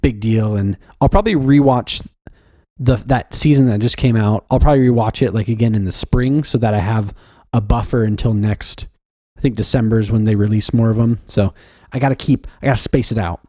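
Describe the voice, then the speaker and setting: Mellow laid-back podcast guy, dry sound. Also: on the low side, brisk, no room sound. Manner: laid-back and rambling, heavy on fillers and restarts. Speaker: podcast co-host. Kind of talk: casual chat.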